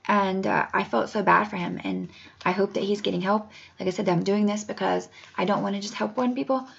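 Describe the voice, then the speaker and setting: A woman's voice: mid-range voice, fairly even intonation, fairly quick, creaky, breathy edge. A woman in her forties telling her own story as a patient advocate, earnest and emotional, close to tears. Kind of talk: personal testimony to camera. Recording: dull lo-fi home recording.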